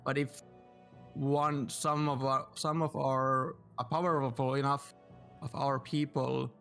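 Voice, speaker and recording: A man playing a tabletop game, negotiating in halting, self-correcting sentences. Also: medium pitch, level tone, vocal fry, fairly bright tone, soft background music. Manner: hesitant, restarting often. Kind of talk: casual chat.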